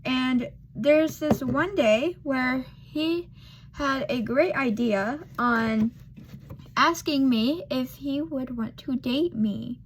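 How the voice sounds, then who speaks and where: She's eighteen, with a high voice and a slow pace, telling a personal story in a loose, rambling way. Fillers and self-deprecating comments abound, and she murmurs asides while doing her makeup, with slight background noise.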